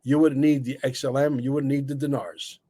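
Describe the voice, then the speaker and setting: A man co-hosting a livestream, talking bluntly and emphatically, cursing and filling pauses with "uh". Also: medium pitch, little pitch movement, dark tone. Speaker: livestream co-host. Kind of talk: opinionated livestream talk.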